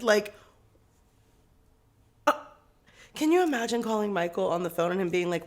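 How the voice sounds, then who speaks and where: A young woman in a casual podcast chat tells a story with lots of energy. She acts out what people said and laughs a lot. Her voice sits at an ordinary middle pitch. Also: normal speed, long pauses. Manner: animated storytelling, acts out quotes, swears and laughs often. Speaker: podcast co-host.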